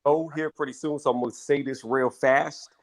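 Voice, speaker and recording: A man's voice: medium pitch, fairly even intonation, moderate pace. A man joining a live panel, talking in a casual, earnest way. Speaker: panel guest.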